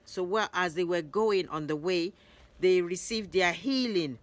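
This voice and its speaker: A woman's voice: measured pace, no echo. Woman retelling Bible stories. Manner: lively retelling, voices quoted speech higher and louder. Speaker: Bible storyteller. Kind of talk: Bible story narration.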